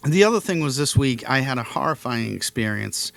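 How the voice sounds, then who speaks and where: A man's voice: medium pitch, lively intonation, fairly quick, creaky, a bit bright. A man hosting a casual comedy podcast, telling rambling stories and ranting in an exaggerated way. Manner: rambling storyteller, exaggerated rants. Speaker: podcast host.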